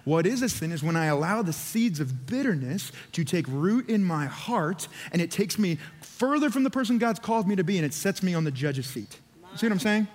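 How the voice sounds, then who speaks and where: A man's voice: a little high, darkish tone. Fervent male pastor in a reverberant church. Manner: fervent, urging, repeats phrases. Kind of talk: sermon. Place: church auditorium. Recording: long hall reverb.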